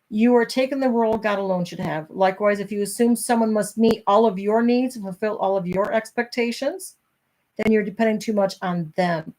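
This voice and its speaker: A woman's voice: mid-range voice, a little fast, a little mellow. Woman, middle-aged, casual host, candid, chatty, reading aloud from a book. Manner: candid, chatty, reacting to live viewers. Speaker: host reading and discussing a self-help book.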